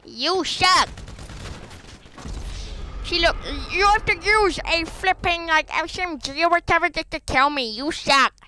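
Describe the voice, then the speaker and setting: Fully in character as a bratty self-styled old policeman, an online game troller jeers at other players over voice chat and keeps repeating his insults. The voice is very high-pitched and sharp, and the pace is measured. There is slight background noise.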